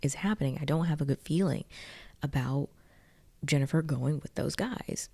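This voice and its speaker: A woman's voice: sits low, normal speed, gravelly, a little mellow, breathy edge, heavily acted. A woman voicing a frightened, anxious teenage girl who asks pleading, breathless questions while she recaps a film. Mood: worried.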